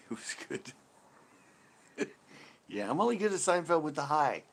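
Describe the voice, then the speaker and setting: A man chats loosely on a live stream, laughing often between rambling stories. His voice is gravelly, with pitch that swings up and down a lot. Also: very animated, unhurried, fairly bright tone. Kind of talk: casual live stream chat.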